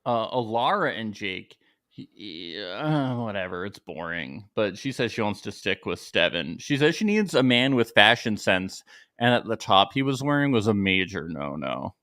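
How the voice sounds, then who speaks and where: A man's voice: very animated, normal speed, fairly bright tone, dry recording, clean studio sound. An American man co-hosting a podcast, chatting casually and sarcastically about a reality show. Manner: jokey, sarcastic, mimics cast members in falsetto. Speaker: podcast co-host. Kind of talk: casual recap chat.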